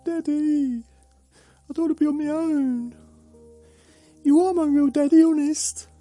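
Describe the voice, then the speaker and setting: A man's voice: very high voice, steady tone, unhurried, mellow, dry recording, soft background music, pitched above the performer's own voice. A man putting on a voice for his pet dog, talking in a whiny, cheeky and condescending way. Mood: whining. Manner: whiny, then sassy and condescending.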